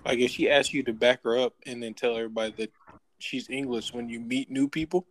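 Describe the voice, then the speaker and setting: A man co-hosting a casual podcast who lays out long hypothetical questions. He rambles, restarts and fills in with "like" as he goes. His pitch sits in an ordinary middle range. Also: fairly even intonation, quick pace, rough recording. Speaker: podcast co-host. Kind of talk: casual chat.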